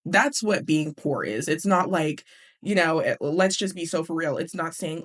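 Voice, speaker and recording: Chatty, animated woman discussing a book. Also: sits low, normal speed. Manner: animated, chatty, frequent profanity and laughter. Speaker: host.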